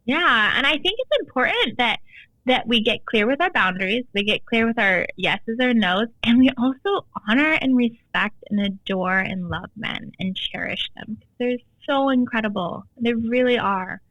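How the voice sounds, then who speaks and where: A woman's voice: on the high side, expressive, moderate pace, fairly bright tone, no room sound, low-quality recording. A woman guest coach talking emphatically in casual podcast chat, with lots of "like" fillers. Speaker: guest, tantra and embodiment coach.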